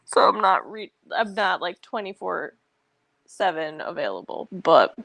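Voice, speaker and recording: A woman's voice: fairly low pitch, sing-song, a little slow, creaky, fairly bright tone, no echo. A woman in casual chat on a video call, telling stories with lots of "like" fillers. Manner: chatty storyteller, frequent "like" fillers. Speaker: co-host.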